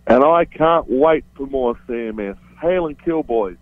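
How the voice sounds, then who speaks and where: A man calling a radio show, quick and friendly. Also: medium pitch, expressive, no room sound. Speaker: caller. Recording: phone line.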